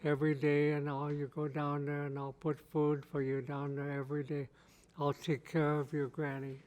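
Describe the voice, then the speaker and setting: A man's voice: a little high, monotone, normal speed, darkish tone, close to an everyday voice, poor audio. A man voicing an earnest young man from a canoe in a spoken folk tale.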